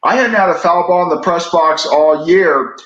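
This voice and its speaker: A man, a sports reporter co-hosting a talk show, telling stories in a relaxed, chatty way. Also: fairly high pitch, moderate pace, lo-fi sound. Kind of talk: casual chat storytelling. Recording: echoey room.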